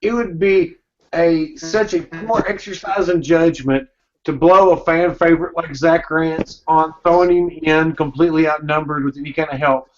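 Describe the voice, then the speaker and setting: A man's voice: fairly high pitch, steady tone, normal speed, dull audio, slight background noise. A man losing his voice, chatting emphatically and giving strong opinions. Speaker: panel guest. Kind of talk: casual group chat.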